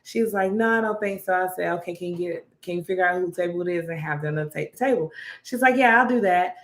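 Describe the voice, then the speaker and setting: Young woman storyteller, casual, animated quotes, roomy echo. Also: on the low side, fast. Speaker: restaurant manager and podcast co-host. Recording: echoey room.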